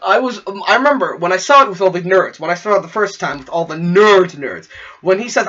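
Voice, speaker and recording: A young man giving a gushing, animated spoiler review of a movie, full of fillers and quick acted-out quotes. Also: high-pitched. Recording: dull lo-fi recording.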